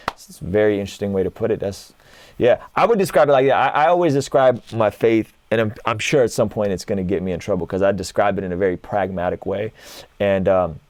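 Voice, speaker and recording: A man in his thirties, a guest in a casual conversation, telling stories in an animated way and acting out what others said. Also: on the low side, fast, dry recording. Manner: animated storyteller, acts out quotes.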